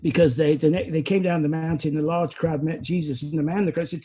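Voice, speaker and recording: A man preaches a sermon with earnest conviction, sometimes restarting his sentences. His voice is husky and sits fairly high for a man. He moves from lively passages to quiet, reflective ones. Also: quick pace, hardly any pauses.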